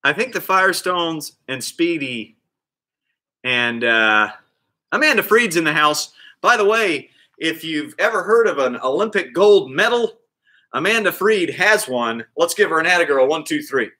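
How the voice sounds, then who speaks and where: A man coaching a live kids' PE class, upbeat and encouraging as he counts reps and calls out children who finish. His voice is fairly high and very bright and sharp, and he talks at an unhurried, deliberate pace. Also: very animated. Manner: upbeat, counts out reps and cheers on kids by name.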